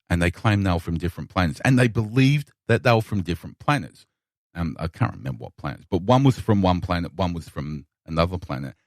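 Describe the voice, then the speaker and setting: A man's voice: low voice, no room sound, clean studio sound. An Australian man co-hosting a podcast in casual chat, cursing and repeating words as he talks. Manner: animated, swearing, repeats words often. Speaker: podcast co-host. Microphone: podcast microphone.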